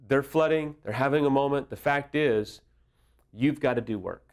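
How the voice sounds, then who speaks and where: Male counselor, mid-pitched voice, earnest and direct, conversational advice delivery. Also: moderate pace. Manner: earnest, personal and direct, illustrates points with anecdotes. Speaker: affair recovery counselor.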